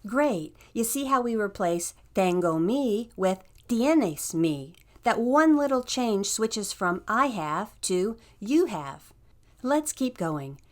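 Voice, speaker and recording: A woman's voice: mid-range voice, big pitch swings, slow pace. Upbeat lady teaching a lesson, cheery and encouraging. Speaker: language teacher. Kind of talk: scripted lesson narration.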